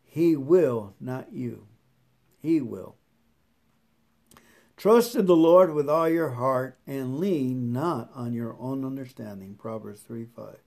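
A man slowly reads a devotional book aloud, repeats scripture verses, and adds his own halting comments. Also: mid-range voice, expressive, creaky, a little mellow. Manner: slow, deliberate reading that repeats scripture verses. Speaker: truck driver reading a devotional book aloud. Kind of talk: devotional reading with personal comments.

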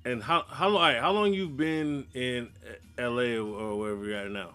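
A man's voice: medium pitch, moderate pace, a bit bright, smooth, faint music behind. A man hosting a podcast in casual chat, slangy, often repeating his words. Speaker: podcast host.

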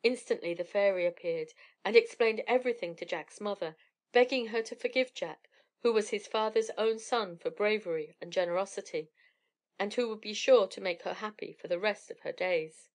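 A woman narrating a classic fairy tale in a measured, even storybook reading. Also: mid-range voice.

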